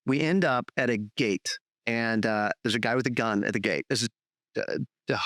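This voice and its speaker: A middle-aged man hosting a podcast, telling long stories in a loose, profane, animated way with many restarts. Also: mid-range voice, normal speed, no echo, clean studio sound. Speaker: podcast host, filmmaker. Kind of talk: casual storytelling chat.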